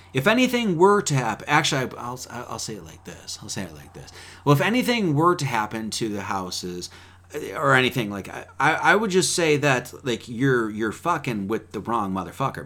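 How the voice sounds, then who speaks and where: A man preaching in a fiery, profane way, swinging between loud outbursts and quiet asides. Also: mid-range voice, big pitch swings, moderate pace. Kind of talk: profane sermon-style talk.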